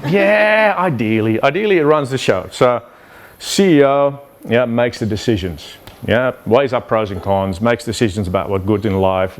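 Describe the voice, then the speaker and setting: Low-voiced man giving a casual talk. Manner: conversational, peppered with "yeah" and "you know". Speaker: speaker explaining brain biology. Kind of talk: informal lecture at an event.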